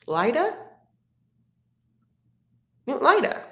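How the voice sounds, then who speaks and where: With a low voice at a moderate pace and a slight hiss or hum on the track, she hosts a live recap stream. Reading comments aloud, she chats and rambles warmly with viewers from an echoey room at home.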